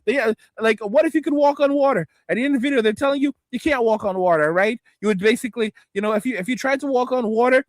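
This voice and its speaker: A man streaming, reacting to videos in a loud, exasperated, profane rant. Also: extremely high pitch, fast talker, few pauses, dry recording. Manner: loud, exasperated, swearing constantly.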